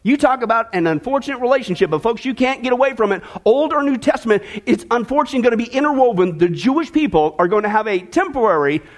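A man preaching a sermon to his congregation, energetic and folksy, with joking asides and a lot of back-and-forth with the crowd. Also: very high-pitched, fast talker, hardly any pauses. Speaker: pastor. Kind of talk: sermon with a joke opener.

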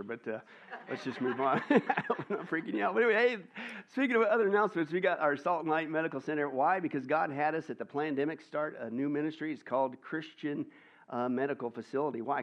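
A man's voice: fairly high pitch, fast talker, lo-fi sound. A male pastor giving church announcements in an upbeat, jokey way, asking and answering his own questions.

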